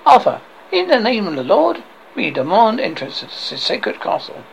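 A man's voice: high-pitched, wildly swooping pitch, normal speed, vocal fry, muffled recording, a little hiss or hum, voice pushed up, full character voice. A man voicing a solemn, commanding medieval king, reading formal demands in a plain voice.

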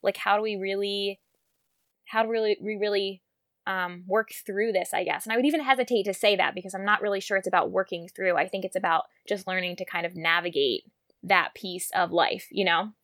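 Young woman guest, bright crisp voice, reflective and halting. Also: medium pitch, fairly even intonation, dry recording. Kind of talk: casual conversation.

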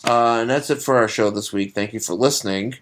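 A man's voice: mid-range voice, brisk, a little hiss or hum. A man from Buffalo co-hosting a comics podcast, chatting casually and rambling with many restarts and laughs. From Buffalo, New York. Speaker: podcast co-host. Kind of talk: casual chat.

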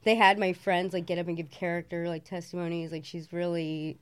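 Lower-voiced chatty woman guest. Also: level tone, fairly quick, clean tone. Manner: chatty, rambling, lots of "like" and fillers. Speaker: podcast guest. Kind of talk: casual storytelling.

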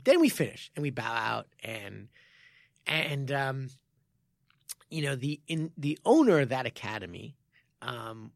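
Male podcast coach, lively storyteller, gravelly voice, dry close mic, laughs often. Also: medium pitch, no room sound. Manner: animated, laughs often, lots of restarts. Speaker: podcast co-host and martial arts coach. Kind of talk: casual storytelling chat.

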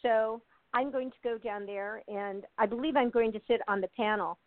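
An older American woman with a slightly high voice and fairly even intonation talks at normal speed as an interview guest over a tinny phone line. There's no echo; the sound is dry and close, and her chatty, meandering speech is filled with laughs, fillers, and restarts.

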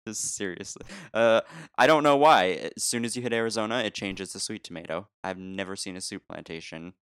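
Man, casual storytelling, low smooth voice, dry close sound, laughs a lot. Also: dry recording. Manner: animated, laughs often, trailing restarts. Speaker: podcast co-host telling a story.

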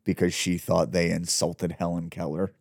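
A man in his thirties co-hosting a casual podcast, given to stammered restarts and dry, deadpan jokes. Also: deep voice, moderate pace, creaky, no room sound. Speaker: podcast co-host. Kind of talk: casual chat.

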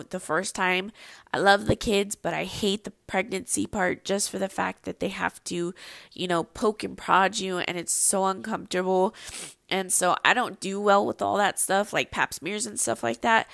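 A woman's voice: mid-range voice, vocal fry, sharp tone, dry recording. A young adult woman hosting a casual personal podcast, telling a story in a chatty, rambling way full of ums and likes. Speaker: podcast host.

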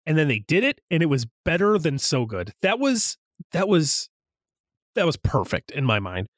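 A young man co-hosting a casual podcast, excitedly retelling movie scenes and jumping into high voices for quotes. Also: moderate pace, no room sound, clean studio sound. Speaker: podcast co-host.

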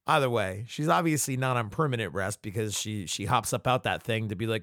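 A man's voice: on the low side, brisk, hardly any pauses, fairly bright tone, dry recording, clean studio sound. A man hosting a podcast, giving loose, profane fan commentary as he retells scenes. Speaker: podcast host.

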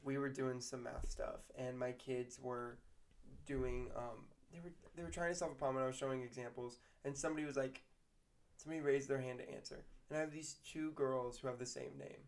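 A woman, an elementary school teacher, telling class stories in a lively casual chat. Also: very deep voice, fairly quick. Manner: lively storytelling, bursts of laughter.

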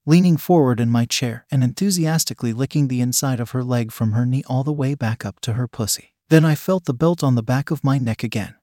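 A man reads a first-person story aloud in a steady, even way. His voice sits at a middle pitch. The recording is dry and close, with no room sound. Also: fairly quick, hardly any pauses, no echo. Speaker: narrator.

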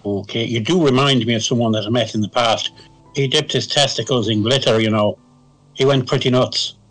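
A man speaking in character at a tabletop game, dry and sarcastic, at a middle pitch. Faint music plays behind him. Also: a little fast, a bit bright. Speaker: player.

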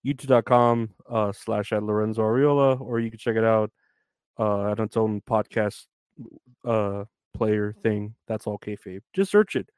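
A man's voice: fairly low pitch, flat delivery, unhurried, a little mellow, clear, resonant tone, no room sound. Solo podcast host, male, loose and self-mocking, recorded dry and close. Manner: rambling, filler-heavy, self-mocking. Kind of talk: casual solo podcast chat.

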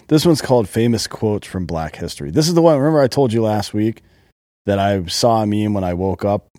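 A man co-hosting a podcast, reading memes and captions aloud in a relaxed, casual way. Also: fairly low pitch, moderate pace, dry recording, studio quality. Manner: laid-back, reads memes and captions aloud. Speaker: podcast co-host. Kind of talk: casual chat.

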